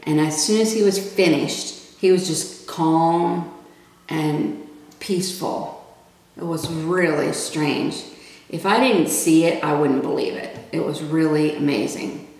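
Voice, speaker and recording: Low-voiced woman in a very echoey room. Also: slow pace. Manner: conversational, relaxed, plain-spoken. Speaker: family member telling a personal story. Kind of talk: casual personal storytelling. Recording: very echoey room, mic far off.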